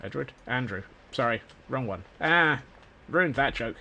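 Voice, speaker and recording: Gravelly Scottish man chatting while gaming. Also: mid-range voice, animated, measured pace, pushed and bright, slight background noise. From Scotland. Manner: rambling, self-mocking jokes. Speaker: streamer. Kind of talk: casual gameplay commentary. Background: faint background music.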